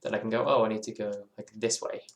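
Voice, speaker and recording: Talking fast in a level tone, this man streams a game and chats in a loose, musing way, often cutting himself off and looping back. His voice is on the low side, and the sound is roomy.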